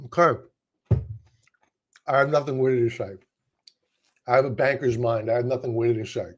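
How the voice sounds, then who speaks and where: This market analyst speaks at a moderate pace with medium pitch and fairly even intonation. With his Brooklyn accent, he chats casually about the stock market, pokes fun at himself and makes wordy restarts.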